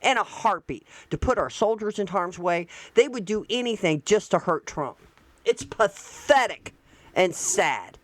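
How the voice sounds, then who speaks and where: A woman's voice: fairly high pitch, no echo. A woman hosting casual political commentary, blunt and exclamatory with folksy asides. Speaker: host.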